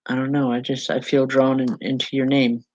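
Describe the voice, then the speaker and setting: A woman medium giving a live spiritual reading to viewers, speaking in halting, repeated phrases with soft reassurance. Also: very deep voice, level tone, no room sound, muffled recording. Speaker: psychic medium.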